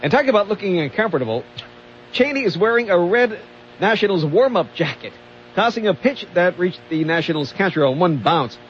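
High-pitched male co-host reading news, dry quips, muffled lo-fi radio sound. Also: sing-song, brisk, slight background noise.

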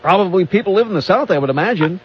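A man's voice: high voice, animated, rapid-fire, slight background noise. A man co-hosting a radio show, reading news items in a dry, wisecracking way. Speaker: radio co-host and news reader. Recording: dull lo-fi radio broadcast.

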